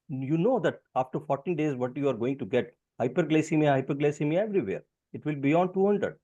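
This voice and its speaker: A man's voice: medium pitch, warm tone. A middle-aged man with an Indian English accent, a diabetologist explaining clinical scenarios step by step on a webinar in an emphatic, teaching manner. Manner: emphatic, didactic, lecturing in steps. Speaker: diabetologist panelist. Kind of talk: webinar talk.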